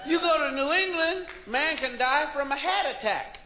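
High-voiced animated male stand-up comic. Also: normal speed, a loud crowd, very noisy. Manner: animated, mocking, playful. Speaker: stand-up comedian. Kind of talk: stand-up comedy. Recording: live show with loud audience laughter. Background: audience laughing.

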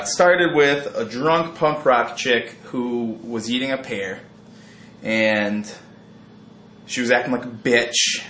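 A man's voice: mid-range voice, pushed and bright, reverberant, slight background noise. A man animatedly telling a profane story, saying "dude" constantly. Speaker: band member telling a tour story. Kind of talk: casual storytelling.

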